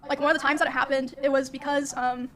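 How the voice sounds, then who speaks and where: Soft-spoken young woman with a high voice. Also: flat delivery. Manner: soft-spoken, halting, many fillers. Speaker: streamer. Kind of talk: recounting a personal story.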